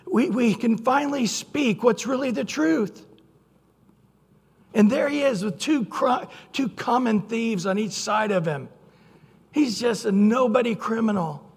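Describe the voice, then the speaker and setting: A male pastor delivers a sermon in a high-pitched, gravelly voice with a husky edge. He reads scripture, then slips into personal stories with earnest conviction. The sound rings out with long hall reverb. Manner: earnest preaching, bursts into loud acted quotes.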